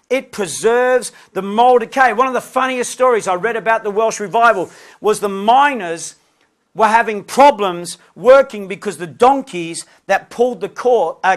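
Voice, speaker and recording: A man preacher teaching a lesson, telling lively stories with conversational asides to his listeners. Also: sits high. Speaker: preacher and lecturer. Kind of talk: lesson with humorous storytelling.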